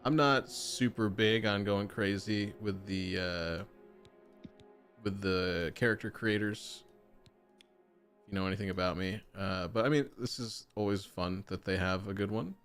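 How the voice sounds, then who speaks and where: Gaming streamer, male, lowish voice, casual chatty commentary with excitable reactions, faint game music underneath. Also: a little slow. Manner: chatty, excitable oohs while browsing options.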